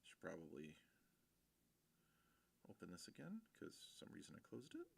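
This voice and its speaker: A man's voice: sits low, huge pitch swings, moderate pace, creaky, a little hiss or hum. A young man streaming late at night, sleepy and rambling in casual chat. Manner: drowsy, rambling.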